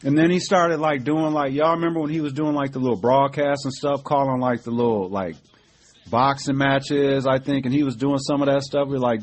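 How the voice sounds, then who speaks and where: A middle-aged man talking straight at his listeners in a loose, emphatic rant, swearing as punctuation and circling back with "you know what I'm saying". His voice sits at an ordinary middle pitch for a man, and he talks like a podcast host working through his feelings on air. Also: steady tone, fairly quick. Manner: emphatic, profane, conversational with frequent fillers. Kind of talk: casual political commentary.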